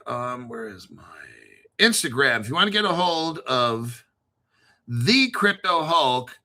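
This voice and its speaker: A man's voice: mid-range voice, big pitch swings, slow, pauses often, sharp tone. A man hosting a casual crypto livestream, rambling through long lists of names and swearing freely as he chats with viewers. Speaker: crypto show host.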